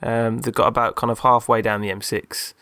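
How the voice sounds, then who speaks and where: A man's voice: medium pitch, little pitch movement, fairly quick, creaky, bright, forceful tone, smooth, no echo. A man, hosting a casual chat and telling a story in a rambling way, full of fillers. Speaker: podcast co-host.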